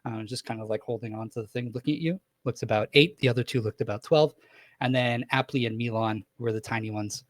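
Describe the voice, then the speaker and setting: A man's voice: medium pitch, quick pace, dry recording. A man narrating a tabletop game as game master, rambling with lots of "like" and "um".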